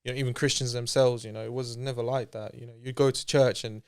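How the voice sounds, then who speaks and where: A man with a clean, resonant voice tells his story at a quick clip. He talks casually and loosely with plenty of slang, and slips into lively impressions of the people he quotes. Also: medium pitch, smooth. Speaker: interview guest.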